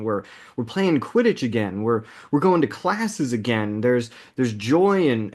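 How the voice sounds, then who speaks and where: A medium-pitched man in his thirties co-hosts a casual movie podcast. He's upbeat, laughs often, and recaps the plot at a quick clip.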